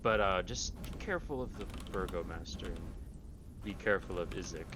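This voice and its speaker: A man's voice: deep voice, brisk. A man narrating as game master, hesitant and full of fillers. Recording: faint background noise.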